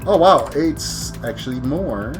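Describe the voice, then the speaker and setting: This weary gamer speaks slowly and expressively in a mid-range voice, with music in the background. Streaming live, he keeps up loose commentary for his viewers, drifting off on tangents and catching his own mistakes mid-sentence.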